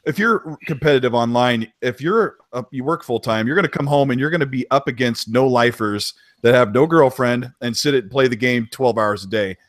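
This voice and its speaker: A man's voice: medium pitch, moderate pace, few pauses, no echo, studio quality. A man talking animatedly and laughing easily in a casual podcast roundtable.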